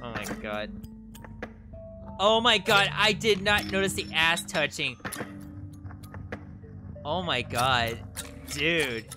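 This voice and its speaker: Male streamer, relaxed pace, reads game text and reacts loudly with swearing. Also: a little high, slow pace, long pauses, music in the background. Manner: swears freely, excitable reactions. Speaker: VTuber streamer. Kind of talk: casual gaming commentary, reading game text aloud.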